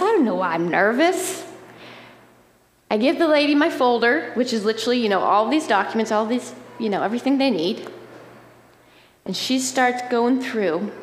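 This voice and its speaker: A woman giving a sermon, telling a personal story in a conversational, animated way, often checking in with the listeners. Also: on the high side, a little hiss or hum. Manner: conversational, animated storytelling with frequent "right?" asides. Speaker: preacher. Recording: roomy hall reverb, faint ambience.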